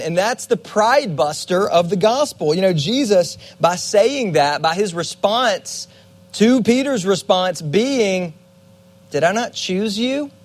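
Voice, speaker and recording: A young man giving a Bible teaching sermon as a youth pastor, earnest and conversational with dramatic pauses. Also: a little high.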